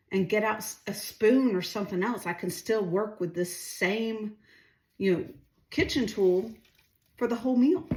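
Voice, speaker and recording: A woman's voice: mid-range voice, reverberant, slight background noise. A middle-aged woman chatting casually while she cooks, rambling and asking viewers questions. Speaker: home cooking vlogger. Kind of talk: casual chatty cooking vlog. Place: home kitchen.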